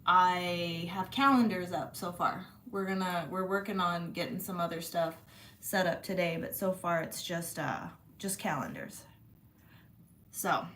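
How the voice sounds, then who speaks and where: Slow-talking, blunt Midwestern woman. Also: lowish voice, a bit bright, a little hiss or hum. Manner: blunt, swears freely, rambling. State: sore after a massage. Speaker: channel host. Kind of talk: casual chat to viewers. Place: her room indoors.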